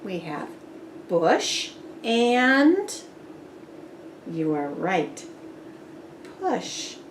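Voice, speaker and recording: Woman reading to kids, very slow and patient, lively sing-song pitch, quizzes rhymes. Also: slight background noise. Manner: patient, praising, asks questions. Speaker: storybook reader. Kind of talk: children's read-aloud with rhyming quiz.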